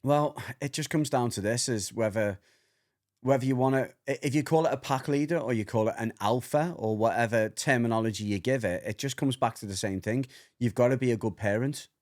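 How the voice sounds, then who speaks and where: A man's voice: mid-range voice, a little fast, darkish tone. A middle-aged man, co-hosting a podcast in casual, rambling chat, repeating himself and laughing often. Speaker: podcast co-host, dog trainer.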